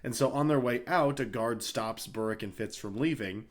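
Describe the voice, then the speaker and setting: A man talks through a plot on a podcast in a rambling, offhand way, leaning on filler words as he goes. His pitch sits right in the ordinary middle range for a man. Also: moderate pace. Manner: rambling retelling full of uh and like. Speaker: podcast co-host. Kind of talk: casual book discussion.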